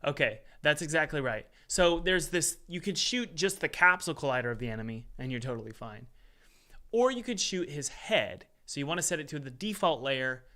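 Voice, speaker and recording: A man casually talking through his game development work at his computer, chatty and thinking out loud with exasperated asides. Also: on the high side, animated, fairly quick. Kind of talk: casual devlog commentary while working.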